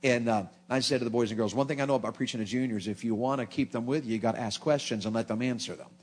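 A middle-aged man, preaching a sermon with folksy, animated humor. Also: mid-range voice, very fast, husky.

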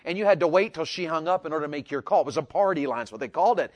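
A man telling a folksy personal story, animated and repetitive, rising to loud peaks. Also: fairly high pitch, rapid-fire. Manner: animated, repeats words, builds to loud peaks. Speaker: storyteller speaker.

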